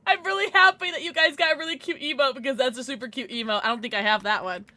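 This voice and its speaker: A woman's voice: high voice, quick pace, pushed and bright, dry recording. A young woman livestreaming, chatting casually with her viewers, giddy and emotional, often squealing and laughing.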